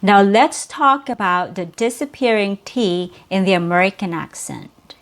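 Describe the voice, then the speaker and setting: Slow, deliberate woman teaching pronunciation. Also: fairly high pitch. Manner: slow, deliberate, repeats each example word. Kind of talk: ESL pronunciation lesson.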